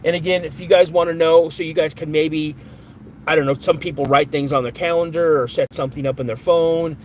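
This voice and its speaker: A man hosts a live podcast stream, talking loosely and rambling as he reads from the chat. His voice sits a little on the high side, with a faint hiss of noise underneath. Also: fairly even intonation, fairly quick, darkish tone, rough recording. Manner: rambling, reads chat aloud, flares up angrily at a troll. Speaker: podcast host.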